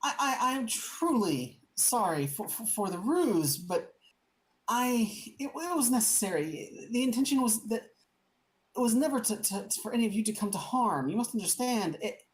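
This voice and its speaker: A high, fluttery male councilman, as a woman game master puts him on, stammering through apologies in a flustered rush. He sounds lively and thin. He is a nervous middle-aged man caught out in a tabletop game. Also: a little slow, low-quality recording. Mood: flustered apologetic.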